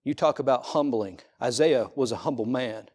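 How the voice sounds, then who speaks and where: In a husky, mid-range voice at normal speed, a middle-aged pastor preaches to his church, asking rhetorical question after rhetorical question and swinging from loud to hushed delivery.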